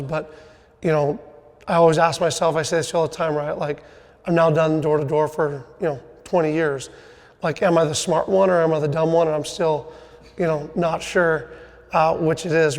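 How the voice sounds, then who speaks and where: Middle-aged man with a slightly high voice, coaching. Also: little pitch movement, normal speed, big-room sound. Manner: coaching, fond of "right?" and "you know". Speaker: podcast host, sales team leader. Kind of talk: casual podcast interview.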